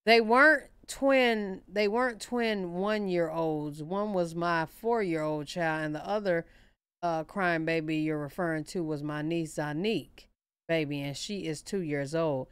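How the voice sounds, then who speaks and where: A woman hosting a live reaction stream, blunt and profane, laughing and talking loudly over the clips. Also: lowish voice, unhurried, clean tone, no echo, studio quality. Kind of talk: casual reaction commentary.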